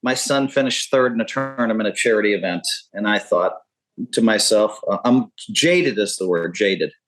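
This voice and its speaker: Man, fifties, lowish voice, rambling, candid, swears often, podcast guest. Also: moderate pace, a bit bright, poor audio. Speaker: podcast guest, poker pro. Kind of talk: casual interview talk.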